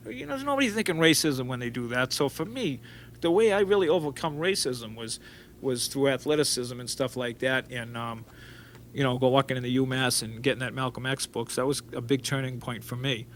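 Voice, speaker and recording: A man, telling rambling stories in an interview and acting out quotes as he goes. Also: on the high side. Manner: rambling and animated, with frequent restarts and acted-out quotes. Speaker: interview guest. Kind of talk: storytelling interview.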